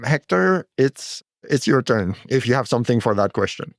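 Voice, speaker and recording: A man hosts a casual podcast chat, giving short reactions and passing the turn to guests. His voice is mid-pitched and dry. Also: sing-song, vocal fry, no room sound. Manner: brief reactions and quick asides. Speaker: podcast host.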